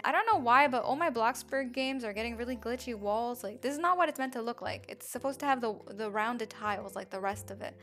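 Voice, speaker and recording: A woman's voice: on the high side, a bit bright. A woman giving upbeat, chatty commentary while building a house in a game, often giggling.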